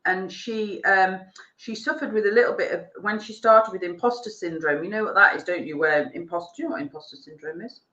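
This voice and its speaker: A woman's voice: mid-range voice, fairly quick, pushed and bright. A woman co-hosting a live stream, chatting affectionately and laughing often. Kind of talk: casual chat. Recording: roomy, dull lo-fi stream audio.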